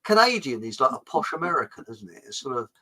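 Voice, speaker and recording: Bright-voiced rambling man. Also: medium pitch, big pitch swings, quick pace, low-quality recording. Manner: rambling, hesitant, full of ums and restarts. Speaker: host. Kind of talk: casual livestream chat.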